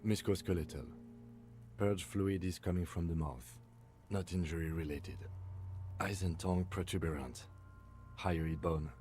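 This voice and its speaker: A composed police lieutenant in a video game, his voice very deep and mellow. He speaks in a measured, dry, clinical way, unhurried and precise. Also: slight background noise. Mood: calm clinical. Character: calm, methodical male police lieutenant.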